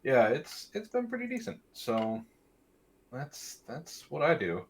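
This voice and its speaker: A man appearing as a guest on a casual podcast, speaking in a relaxed, hesitant way. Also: medium pitch, takes it slowly. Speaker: guest, story narrator. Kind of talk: casual chat.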